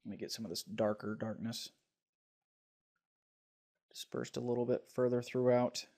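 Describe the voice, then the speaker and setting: A man teaching a software tutorial over a screen recording, talking in a relaxed way and thinking aloud with fillers. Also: mid-range voice, normal speed.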